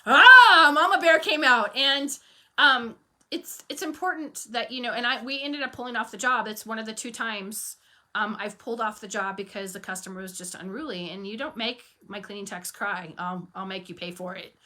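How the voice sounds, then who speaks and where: A woman's voice: mid-range voice, normal speed. A woman coaching on running a cleaning business, telling stories frankly and firmly, acting out bits of dialogue. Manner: animated storytelling, acting out dialogue; firm and frank. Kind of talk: casual talk to camera.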